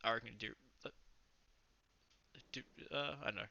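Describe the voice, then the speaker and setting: A man's voice: medium pitch, normal speed, vocal fry, pushed and bright. A young Australian man co-hosting a casual fight recap, talking loosely and enthusiastically, with some swearing and rambling. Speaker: podcast co-host. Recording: slightly muffled lo-fi audio.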